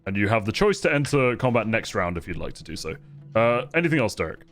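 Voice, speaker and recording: A man running a tabletop game as game master, narrating combat vividly and at an unhurried pace. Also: fairly low pitch, big pitch swings, fairly bright tone, soft background music.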